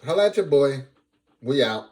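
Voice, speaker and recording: Lively man trash-talking in a fan vlog. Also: medium pitch, moderate pace. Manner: animated, playful trash talk; repeats phrases for emphasis. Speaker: sports fan vlogger.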